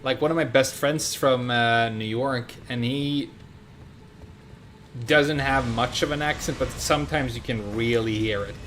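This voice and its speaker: A man's voice: mid-range voice, measured pace. Chatty Swedish-accented man streaming a game. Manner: chatty, talks to viewers and in-game characters. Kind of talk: casual live gameplay commentary. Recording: steady background noise.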